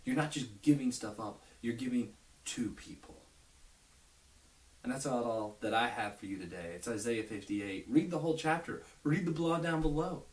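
A man's voice: mid-range voice, animated, moderate pace. Earnest young man preaching in an echoey room. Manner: earnest, conversational, drops to near whispers. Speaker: youth pastor. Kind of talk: informal video sermon. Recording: echoey room, mic at a distance, faint hiss.

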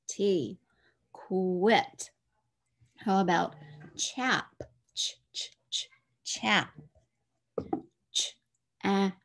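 A woman leads a phonics lesson for young children, speaking at a very slow, deliberate pace. She sounds out each letter patiently, often in a soft whisper, before saying the whole word. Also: mid-range voice. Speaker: teacher.

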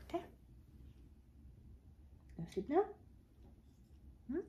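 A woman's voice: fairly high pitch, animated, measured pace, pauses often, slight background noise. A woman at home at night, coaxing her pet in cooing baby talk that often drops to a whisper. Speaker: pet owner vlogger.

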